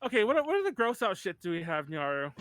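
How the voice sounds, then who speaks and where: A man's voice: high voice, very animated, fast talker, a bit bright, no room sound. A man in his thirties hosting a podcast in casual chat, rambling with lots of "like" and restarts and laughing often. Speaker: podcast host.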